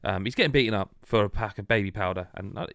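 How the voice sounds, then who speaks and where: A British man hosting a casual podcast, retelling a game story with animated energy and laughing asides. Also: lowish voice, fast talker, creaky, dry recording, studio quality. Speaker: podcast host. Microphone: remote video call.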